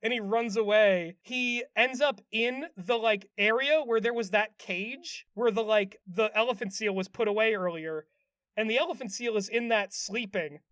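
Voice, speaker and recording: High-voiced man rambling through a recap. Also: normal speed, a bit bright, smooth, no room sound, studio quality. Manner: rambling retelling with many fillers, acting out quotes. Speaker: podcast co-host recapping an episode. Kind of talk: casual chat.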